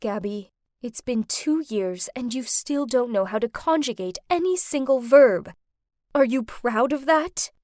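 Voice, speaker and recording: A woman's voice: fairly high pitch, animated, unhurried, a little mellow, dry recording, studio quality. A woman voicing a stern female teacher who scolds in a disappointed way. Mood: scolding.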